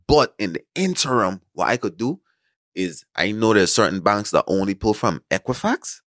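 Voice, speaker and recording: A man casually telling stories about fixing credit, acting out phone calls with excited, animated voices. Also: lowish voice, no room sound, studio quality. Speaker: credit repair entrepreneur, podcast guest. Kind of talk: casual storytelling chat.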